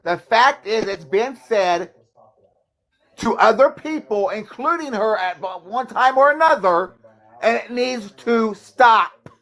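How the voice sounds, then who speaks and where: A man's voice: high voice, lively intonation, slow, sharp tone. A man hosting a live stream, arguing heatedly and swearing as he repeats his point. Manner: angry, profane, repeats his point emphatically. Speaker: livestream host.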